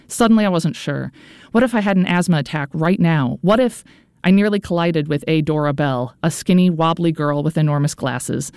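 A woman's voice: low-pitched, moderate pace, a little mellow, clear, resonant tone, dry recording, studio quality. A woman narrating a first-person audiobook in an earnest, anxious inner-monologue manner.

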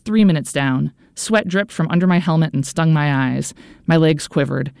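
Woman, audiobook narrator, first-person, earnest and anxious, smooth voice, dry close recording. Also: deep voice, normal speed, a little mellow, no echo. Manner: earnest, anxious inner monologue.

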